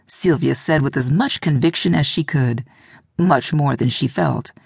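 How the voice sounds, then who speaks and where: A woman narrating an audiobook in a measured, reflective way. Her voice is low and gravelly, with a husky grain. The sound is dry and close, as from a studio booth. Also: dry recording.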